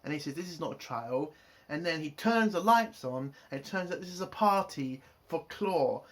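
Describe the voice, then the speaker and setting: A man's voice: fairly high pitch, expressive, moderate pace. A man giving a casual episode review, frustrated and swearing, building into exasperated outbursts. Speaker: show reviewer.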